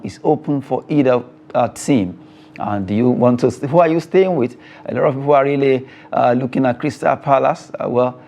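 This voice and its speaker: A man with a Nigerian English accent hosting a weekend sports phone-in, chatty and quick to laugh with callers, with frequent fillers. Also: medium pitch, creaky, warm tone. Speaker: sports show host. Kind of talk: radio phone-in presenting.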